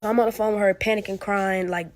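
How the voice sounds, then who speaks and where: A young woman in her late teens recounting a personal story in a relaxed, conversational storytime voice at a mid pitch. She speaks informally, with plenty of fillers, and retells events vividly as she goes. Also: fast. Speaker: student telling her own story. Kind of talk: casual first-person storytelling.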